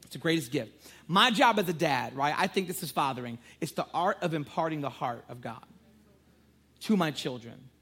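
A pastor in his thirties with a husky, slightly breathy voice pitched a little high. He preaches with a playful, joking storyteller's touch and prays with fervor. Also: lively intonation, moderate pace, sharp tone. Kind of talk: sermon.

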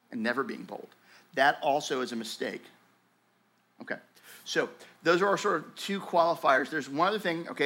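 A high-pitched pastor preaches a sermon in a conversational, animated way, frequently restarting his sentences. For reassurance, he drops into a softer, slower tone.

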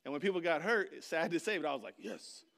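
High, bright-voiced animated male preacher. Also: very fast. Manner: animated storyteller, acts out voices and shouts; addresses the audience directly. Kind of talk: sermon with storytelling.

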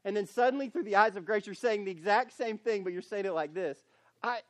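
A man with a high voice delivers a camp sermon, earnest and building to emphatic points. He often repeats and restarts his phrases as he works toward them. The sound is dry and close, with no room echo. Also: brisk. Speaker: camp speaker.

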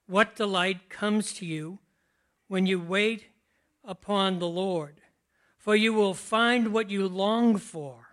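An older pastor speaks in a relaxed, chatty way, laughing often. His voice sits fairly high, and he takes his time, drawing out the words he wants to stress. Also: takes it slowly. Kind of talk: conversational sermon.

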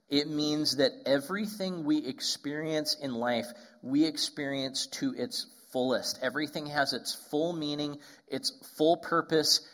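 A man's voice: mid-range voice, sharp tone. Conversational man preaching a sermon. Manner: conversational, with frequent asides and restarts. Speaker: pastor.

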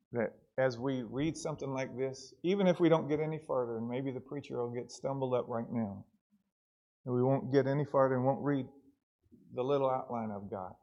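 A man preaching a sermon in church, earnest and repeating words for emphasis, swinging between soft and loud passages. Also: medium pitch. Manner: earnest, repeats words, rises and falls in loudness.

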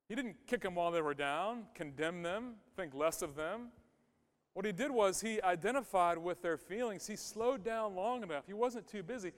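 A man's voice: high voice, animated, measured pace. A male pastor giving a conversational sermon, emphatic and repeating his key phrases. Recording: long hall reverb.

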